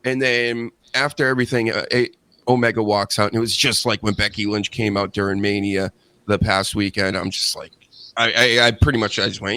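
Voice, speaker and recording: A man's voice: lowish voice, flat delivery, fairly quick, bright, forceful tone, no echo. A man, chatting casually as a co-host of a wrestling review show, rambling with lots of fillers and mocking impressions. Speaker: podcast co-host.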